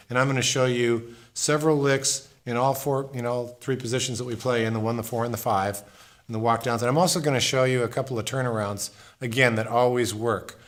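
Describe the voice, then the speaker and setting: A man giving a casual guitar lesson, explaining in a relaxed way and repeating words as he demonstrates. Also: mid-range voice. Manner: relaxed, thinks aloud, repeats words while playing. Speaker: guitar teacher. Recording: guitar music in the background. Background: acoustic guitar playing.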